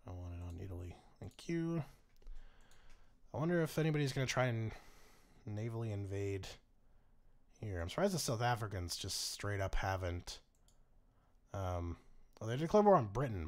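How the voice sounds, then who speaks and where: Lower-voiced man giving wry game commentary. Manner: wry, swears freely, chuckles at the game. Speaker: gaming channel host. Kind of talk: casual strategy game commentary.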